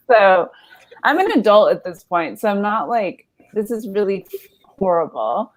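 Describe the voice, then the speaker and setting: A woman's voice: mid-range voice, unhurried, fairly bright tone. A woman in her thirties telling a comedy story, rambling and self-deprecating with lots of fillers and laughs.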